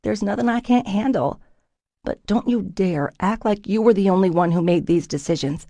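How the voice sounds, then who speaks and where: A woman voicing a headstrong young woman fighter who talks forcefully and raises her voice, in an audiobook. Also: mid-range voice, normal speed, no echo, lightly acted. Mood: defiant.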